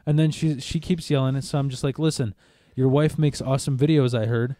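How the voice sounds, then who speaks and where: A man's voice: medium pitch, brisk, no echo. A man in casual chat, telling a long story with lots of swearing and acting out what others said. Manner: animated, profane, acts out quotes. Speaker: podcast co-host.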